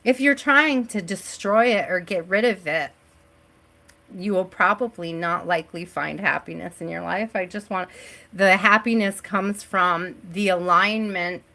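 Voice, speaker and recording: A woman's voice: on the low side, measured pace, creaky, pushed and bright. A middle-aged woman hosting a live tarot stream from home, chatting casually and reassuringly and often checking in with "right?".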